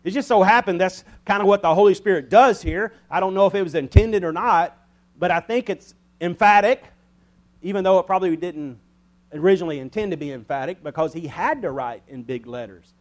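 Pastor, male, higher pitch, chatty folksy sermon delivery with chuckles. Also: fairly quick. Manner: folksy, conversational preaching with chuckles.

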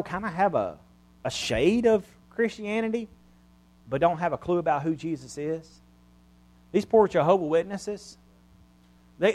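Earnest folksy preacher man. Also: on the high side. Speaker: pastor. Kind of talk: sermon.

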